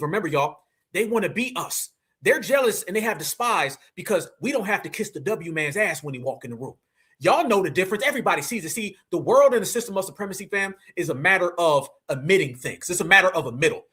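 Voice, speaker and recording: A man's voice: high voice, fairly bright tone, breathy edge. A man hosting a live stream, preaching to his audience in a fired-up, hyped way. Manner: preachy, hyped, addresses chat as family. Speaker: livestream host. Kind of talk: fiery live stream commentary.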